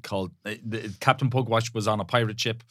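A man's voice: lowish voice, fairly even intonation, a bit bright, no room sound, studio quality. A man co-hosting a podcast in a casual, teasing way, often tripping over his words. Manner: teasing, quick to joke, stumbles over words. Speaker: podcast co-host. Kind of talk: casual chat.

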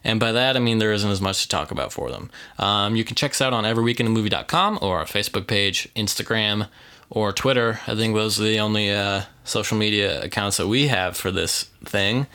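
A man's voice: lowish voice, fairly quick, bright, forceful tone. A man co-hosting a movie podcast, chatting casually with a rambling, joking manner and lots of fillers. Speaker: podcast co-host. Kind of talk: casual movie review chat.

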